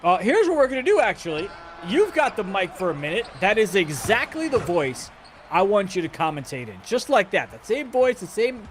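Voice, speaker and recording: Brief: male play-by-play caster, high-pitched, energetic and joking, faint background hiss. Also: moderate pace. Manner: energetic, jokey, rising to shouts on big plays. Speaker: esports basketball play-by-play caster. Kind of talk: live esports play-by-play.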